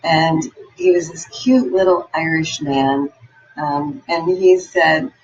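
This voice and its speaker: A woman's voice: low-pitched, slow, husky, highs cut off, faint music behind. A woman giving an upbeat, encouraging motivational talk and telling personal stories. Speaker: motivational speaker.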